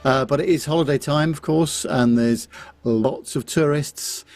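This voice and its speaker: A man's voice: on the high side, a little slow, darkish tone. A man from the United Kingdom, co-hosting a podcast, talking in a hesitant, dry-humoured way. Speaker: podcast co-host. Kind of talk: casual chat.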